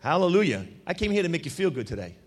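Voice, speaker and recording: A man preaching a sermon, telling stories with acted-out quotes and a lively, punchy delivery. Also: fairly high pitch, quick pace, slight background noise. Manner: animated storytelling with acted quotes. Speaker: pastor.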